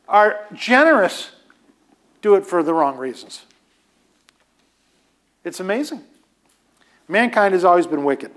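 A man preaching a teaching sermon in a conversational way, with emphatic repetition and casual asides. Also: sits high. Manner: emphatic, repeats phrases for stress.

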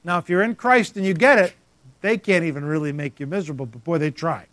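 A man's voice: fairly high pitch, quick pace, fairly bright tone, no echo. A man preaching a sermon as pastor, emphatic and repetitive, calling out congregants by name.

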